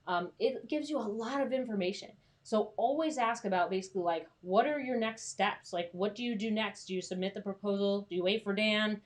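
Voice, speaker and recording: A woman's voice: medium pitch, a little fast. A young woman coaching freelance writers in a casual, chatty live stream, reassuring and full of fillers.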